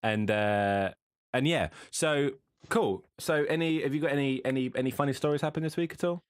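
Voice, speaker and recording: A man's voice: mid-range voice, moderate pace, clear, resonant tone, no echo. A man co-hosting a casual podcast, telling stories in a rambling way with lots of fillers and restarts. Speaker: podcast co-host. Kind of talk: casual chat. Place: home streaming setup.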